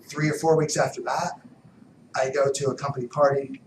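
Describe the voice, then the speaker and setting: A man giving a motivational talk, telling stories animatedly, dropping to whispers and then bursting out loud. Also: medium pitch, level tone, moderate pace, noisy background. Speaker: motivational speaker. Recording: roomy distant mic with background ambience.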